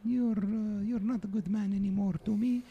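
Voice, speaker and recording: A man's voice: high voice, fairly even intonation, mellow, husky, muffled recording, pitched below the performer's own voice. A man doing a blunt 84-year-old grandma. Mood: teasing. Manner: broken English, slow and teasing. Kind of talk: improvised comedy podcast bit.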